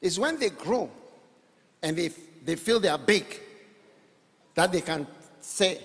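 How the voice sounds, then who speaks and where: A man preaching a sermon to a congregation, animated and rhetorical, teasing his listeners with questions. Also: sits high, takes it slowly, vocal fry, pauses often. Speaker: pastor. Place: church hall. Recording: long church-hall reverb.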